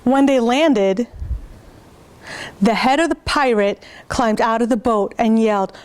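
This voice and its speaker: High-voiced woman storytime reader; reads picture books aloud to preschoolers and stops to show the pictures. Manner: pauses to point out pictures to listeners.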